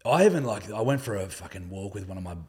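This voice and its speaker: A man's voice: lowish voice, lively intonation, fast talker, darkish tone. An Australian man in a casual podcast chat who talks bluntly and swears freely. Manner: blunt, sweary, laid-back. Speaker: podcast co-host, guest.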